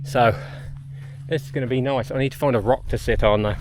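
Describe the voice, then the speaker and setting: A man's voice: mid-range voice, steady tone, fairly quick, noisy background. A man, chatting casually to the camera while hiking outdoors on a mountain trail. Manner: chatty, rambling, talks to animals and camera. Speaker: vlogger.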